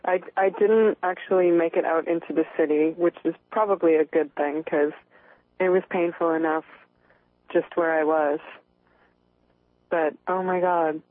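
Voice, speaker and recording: Excited woman nurse on a tinny phone. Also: on the low side, normal speed, no echo. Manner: excited, tumbling, many restarts. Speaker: nurse, caller. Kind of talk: phone-in call. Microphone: telephone.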